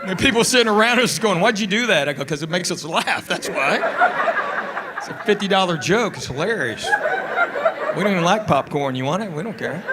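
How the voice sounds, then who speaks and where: A man doing a stand-up routine on a theater stage, telling stories with animated punchlines. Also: high voice, a little fast, over a noisy crowd, heavy background noise. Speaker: stand-up comedian. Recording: reverberant theater sound.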